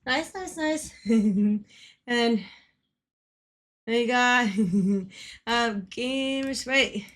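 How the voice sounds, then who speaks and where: A woman's voice: a little high, very slow, fairly bright tone. A young woman livestreaming, chatting casually with viewers, swearing freely and greeting people by name. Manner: chatty and profane, greets viewers, frequent laughs. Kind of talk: casual stream chat. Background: game music.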